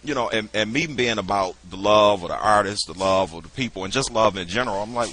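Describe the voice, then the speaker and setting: A man's voice: fairly low pitch, fast. A middle-aged man, a musician and producer, chatting as a podcast guest and telling stories loosely, full of "you know" fillers. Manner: relaxed storyteller, many "you know" fillers. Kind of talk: casual interview chat.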